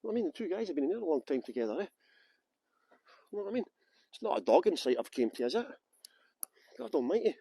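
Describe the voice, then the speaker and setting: A man's voice: a little high, sing-song, rapid-fire, creaky, pauses often, warm tone, breathy edge, no echo. A Scottish man giving a live walking tour of outdoor gardens, joking and teasing his viewers while filming on a handheld phone. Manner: joking, facetious banter with viewers. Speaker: tour guide.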